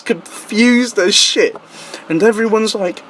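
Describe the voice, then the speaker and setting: Animated young man telling a story. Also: slow pace, slight background noise. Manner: animated, swearing, laughing, voice jumps high when quoting himself. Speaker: guest. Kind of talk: casual storytelling chat.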